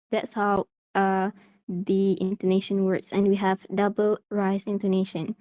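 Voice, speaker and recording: A woman's voice: medium pitch, completely flat delivery, a little slow, dark tone, no echo. A woman from Malaysia teaching an English class over a video call, with many fillers and restarts. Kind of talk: online class instruction.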